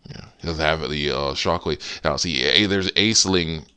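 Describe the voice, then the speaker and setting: A man's voice: rumbling low, moderate pace, pushed and bright, clean tone. A man rambling casually about a game he is modding, giggling and breaking off mid-thought. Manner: rambling, giggly, self-interrupting. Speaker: game modder. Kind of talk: casual commentary while editing a game.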